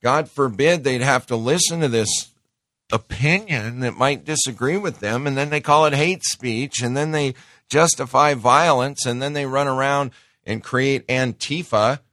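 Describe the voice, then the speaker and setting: A man's voice: medium pitch, a bit bright, dry recording, clean studio sound. A middle-aged man hosting a political talk show, delivering a sarcastic, ranting opinion monologue with mocking asides.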